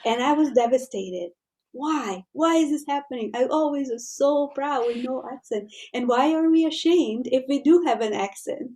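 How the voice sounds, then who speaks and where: A woman's voice: sits high, moderate pace, mellow. A woman from Hungary with a Hungarian accent, a podcast guest chatting and often searching for words in English. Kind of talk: casual conversation.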